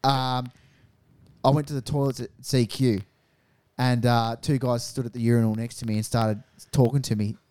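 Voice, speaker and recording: A man's voice: medium pitch, fairly even intonation, moderate pace, a little mellow, clear, resonant tone. A man with an Australian accent, a podcast co-host telling rambling stories in casual chat and mimicking the people in them.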